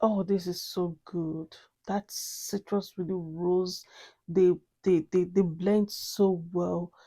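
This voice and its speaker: A woman's voice: lowish voice, fairly even intonation, slow pace, dark tone. A woman reviewing a perfume in a casual vlog, gushing and repeating herself with many exclamations. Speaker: fragrance reviewer.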